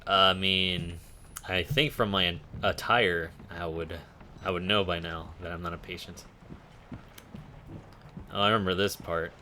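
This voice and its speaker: A man with a low voice talks through a game stream in a casual, joking way. His tone is bright and forceful, and he fills the play with dry, sarcastic remarks. A faint noise sits under the recording. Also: fairly even intonation, unhurried, pauses often. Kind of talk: casual gameplay commentary.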